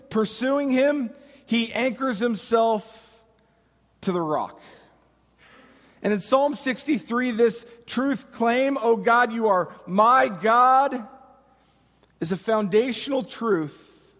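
High-voiced man preaching in a hall. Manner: preaching with slow dramatic pauses and impassioned cries. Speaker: pastor. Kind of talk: sermon.

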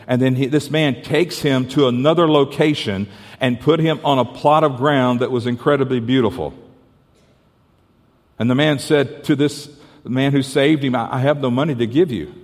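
A man preaching a sermon, earnest and repetitive, dropping to softer tones as he tells a parable. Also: medium pitch, a little slow. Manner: earnest, repeats and restarts, drops to soft tones for the story. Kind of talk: sermon with storytelling. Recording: reverberant church hall.

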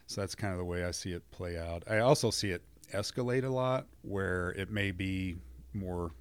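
A man who works as a marriage counselor, talking earnestly in a relaxed conversation and often murmuring agreement. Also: sits low, moderate pace, smooth, no room sound. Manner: earnest, affirming, many back-channel hums. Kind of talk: conversational podcast discussion.

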